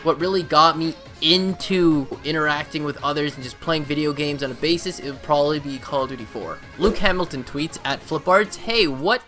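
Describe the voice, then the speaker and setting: A man's voice: a little high, moderate pace, hardly any pauses, sharp tone, faint music behind. A young man from Canada answering viewer questions in a casual, rambling chat, full of fillers and restarts.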